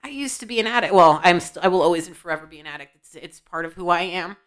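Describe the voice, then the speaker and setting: Speaking fast and expressively, a woman with a lowish, fairly bright voice gives an intuitive tarot-style reading to camera indoors at home. She's blunt and scolding, asking her guides questions and replying on their behalf.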